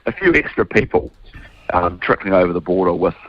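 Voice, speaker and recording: A man in his thirties with a New Zealand accent, a politician answering interview questions in a hoarse, croaky voice, earnest and restarting his sentences. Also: deep voice, very animated, brisk. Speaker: politician guest. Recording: dull, dry remote line.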